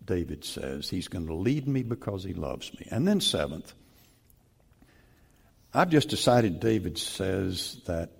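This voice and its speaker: An older man preaching a sermon, slow and emphatic, with sudden loud stresses on key words. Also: sits low, vocal fry, husky. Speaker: pastor.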